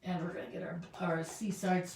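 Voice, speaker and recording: A woman's voice: on the low side, flat delivery, moderate pace, gravelly, noisy background. A woman demonstrating card-making at her craft table, chatting and thinking aloud with fillers as she works. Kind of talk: casual crafting tutorial. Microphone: camera mic set above the work table. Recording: roomy sound with the mic some distance away.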